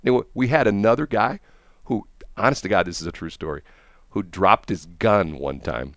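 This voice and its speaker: A man's voice: on the low side, normal speed, no room sound. A man telling casual stories as a host, rambling with frequent restarts and chuckles. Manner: rambling, laughs often, many restarts. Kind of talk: casual storytelling.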